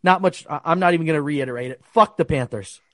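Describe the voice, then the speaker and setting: A young man talks sports bets in a heated, profane rant. His voice sits on the higher side. The sound is dry and close, with no room around it. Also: fast talker, fairly bright tone, dry recording. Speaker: sports betting podcast host. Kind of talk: casual sports betting talk.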